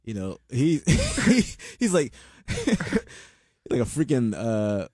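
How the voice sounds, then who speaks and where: A man's voice: mid-range voice, wildly swooping pitch, slow, a little mellow, husky, no echo. Guy hosting a laid-back chat, voice goes up and down a lot, dry close sound. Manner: reacts and prods with questions, laughs a lot. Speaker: host. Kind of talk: casual chat.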